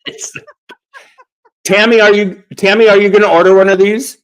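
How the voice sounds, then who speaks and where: A man's voice: high-pitched, level tone, moderate pace, smooth, poor audio. Chatty man hosting a craft live stream. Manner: chatty, repeats words, laughs easily. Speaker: craft channel host. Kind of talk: casual live-stream chat.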